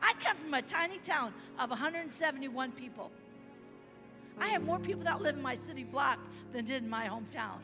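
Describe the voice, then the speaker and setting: Animated high-voiced American woman preaching. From United States. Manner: animated, leads call-and-response. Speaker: guest missionary preacher. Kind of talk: sermon. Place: large church hall. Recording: church hall reverb with music.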